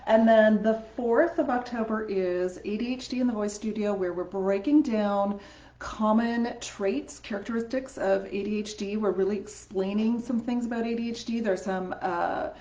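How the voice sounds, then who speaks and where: A woman's voice: mid-range voice, normal speed, dark tone. Upbeat Canadian woman in an echoey room. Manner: chatty and upbeat, laughs often. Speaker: voice teacher hosting a live stream. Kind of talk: casual live-stream chat. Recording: echoey room, slightly dull sound.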